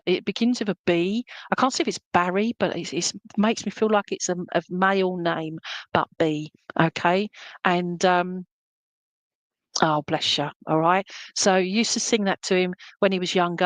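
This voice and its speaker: A woman's voice: fairly low pitch, normal speed, no room sound, low-quality recording. A middle-aged woman, giving a live psychic reading. She relays messages in a chatty way and keeps checking in with "okay?" and "all right?". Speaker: psychic medium.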